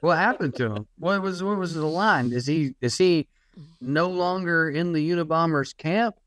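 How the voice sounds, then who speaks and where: A man's voice: fairly high pitch, moderate pace, a bit bright. A man co-hosting a podcast, teasing and joking in a profane, casual way. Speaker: podcast co-host. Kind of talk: casual chat.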